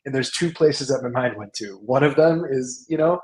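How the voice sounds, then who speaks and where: A man with a mid-range voice talks through a business lesson in a relaxed webinar conversation. He tells stories with animated, acted-out dialogue. He often repeats and restarts his words. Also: medium pitch, moderate pace, poor audio. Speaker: salon business coach. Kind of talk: casual webinar talk.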